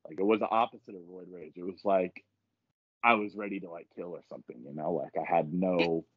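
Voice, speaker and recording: A man on a podcast, telling a story casually and profanely, with lively acted quotes. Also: low-pitched, a little fast, breathy edge, no room sound, phone-quality sound. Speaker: podcast guest.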